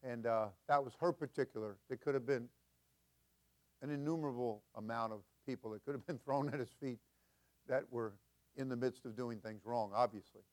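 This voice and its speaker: An older man preaching as senior pastor, folksy and chuckling, building to loud emphatic peaks. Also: medium pitch, normal speed. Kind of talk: sermon.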